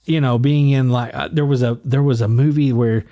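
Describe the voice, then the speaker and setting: A man's voice: medium pitch, steady tone, a little fast, dark tone, dry recording, studio quality. A man hosting a podcast, chatting casually and rambling as he restarts his sentences. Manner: rambling, many fillers and restarts. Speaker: podcast host. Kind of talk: casual chat.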